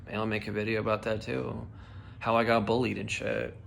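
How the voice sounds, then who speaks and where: With slight background noise, a young man vlogs a personal story in a lowish, bright voice with vocal fry and little pitch movement, talking a little fast. Emotional and heated, his voice shakes, and he swears often, peppering in "like" and "dude."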